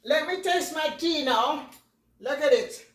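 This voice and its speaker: A woman's voice: high voice, lively intonation, unhurried, fairly bright tone, distant mic. A woman chatting through a home cooking vlog, repeating herself and thanking her viewers. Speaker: cooking vlogger. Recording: echoey room, voice off-mic.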